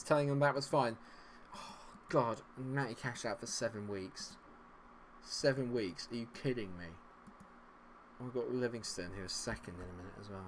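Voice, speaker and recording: A man giving running commentary as a streamer, exasperated and muttering, with loud outbursts. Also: mid-range voice, fairly quick, a little hiss or hum. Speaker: gaming streamer. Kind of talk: live game commentary.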